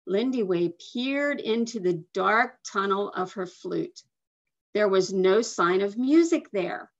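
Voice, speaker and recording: A woman slowly and expressively reading a picture book aloud to children over a video call. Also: mid-range voice. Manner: slow, expressive storytelling with soft asides. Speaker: guest reader. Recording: dull lo-fi video call audio.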